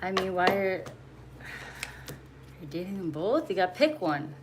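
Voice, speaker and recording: A woman's voice: fairly low pitch, very animated, a little slow. Blunt, preachy woman in noisy audio. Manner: blunt, preachy, swears freely. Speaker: spiritual message reader. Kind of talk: casual livestream talk. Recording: noisy home recording.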